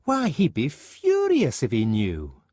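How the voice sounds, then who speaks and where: A man voicing Fanny, a gossipy young woman who scolds her friend in a shrill, mocking way. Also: huge pitch swings, slow pace, a little mellow, no echo, exaggerated voice. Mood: scolding.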